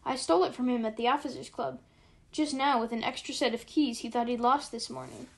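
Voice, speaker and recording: A man's voice: very high voice, fairly even intonation, brisk, creaky. A woman voicing a drunken, boisterous male army pilot in an audiobook reading. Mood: rowdy.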